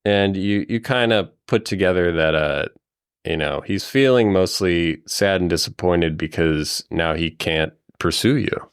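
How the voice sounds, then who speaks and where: A man serving as game master, narrating a tabletop game in a relaxed way with frequent fillers. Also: deep voice, a little slow, smooth, dry recording, clean studio sound.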